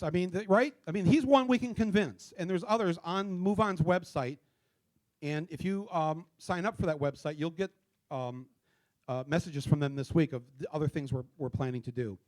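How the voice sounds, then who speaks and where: Middle-aged male host, slightly raised pitch, casual stop-start delivery from a theater stage. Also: darkish tone. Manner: casual, halting, many fillers and restarts; spells out addresses slowly letter by letter. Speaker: town hall host. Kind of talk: live town hall address. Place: theater stage before a live audience.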